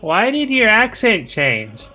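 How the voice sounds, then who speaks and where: A man's voice: high-pitched, wildly swooping pitch, slow, bright, forceful tone, highs cut off. A man playing a tabletop game, chatting casually and teasing with laughs. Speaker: player. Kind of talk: casual chat.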